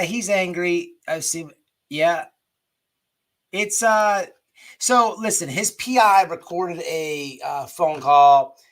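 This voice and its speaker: A man hosting a livestream commentary show, rambling and emphatic with many restarts. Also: high voice. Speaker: host.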